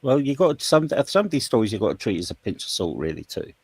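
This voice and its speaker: A man's voice: mid-range voice, sing-song, fast talker, slightly rough, no room sound. A man in a casual group voice chat, telling stories in a rambling way and correcting himself as he goes. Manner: rambling, self-correcting storyteller.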